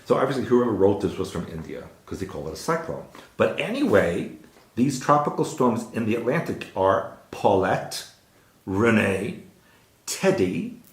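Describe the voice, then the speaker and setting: Host: man, lowish voice, lively swings in pitch, chatty and jokey, echoey room. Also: a little slow. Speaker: show host. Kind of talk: casual news chat.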